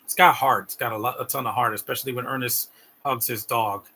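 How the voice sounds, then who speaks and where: A man's voice: mid-range voice, fairly even intonation, fairly quick, bright, forceful tone. A man giving rambling, heartfelt live commentary on a movie, repeating words as he talks. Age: adult.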